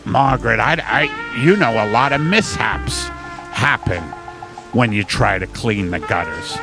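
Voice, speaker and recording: A man's voice: medium pitch, lively intonation, unhurried, gravelly, music in the background, pitched below the performer's own voice, low-quality recording. A man voicing an exasperated middle-aged husband who blusters and swears. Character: gruff middle-aged husband Al from New Hampshire.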